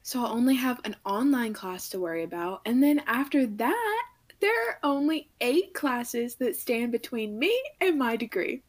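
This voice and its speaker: Young woman podcast co-host, somewhat high pitch, playful and giggly. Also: expressive, moderate pace. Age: young adult. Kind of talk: casual podcast chat. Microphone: home computer mic, remote recording.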